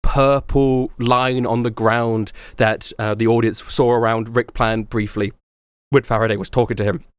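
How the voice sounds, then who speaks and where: A man running a tabletop game as game master, narrating in an animated, rambling way. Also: medium pitch, moderate pace, smooth, no echo.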